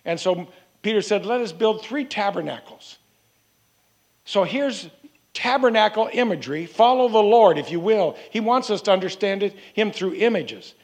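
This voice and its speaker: A man preaching a sermon in an earnest way, repeating phrases and slowing down to stress key words. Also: high voice, animated.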